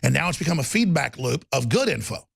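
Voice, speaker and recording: A man hosting a political talk show, ranting rapidly and heatedly with stammering restarts. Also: mid-range voice, big pitch swings, gravelly, a bit bright, breathy edge, dry recording.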